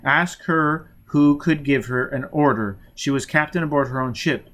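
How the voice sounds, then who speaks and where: An enraged man fires off insistent, commanding questions, as a man reading an audiobook puts him on. His voice is pushed loud and slightly raised, with a bright, sharp edge. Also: mid-range voice, normal speed, close to an everyday voice. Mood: demanding. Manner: demanding, insistent. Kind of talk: audiobook character voice.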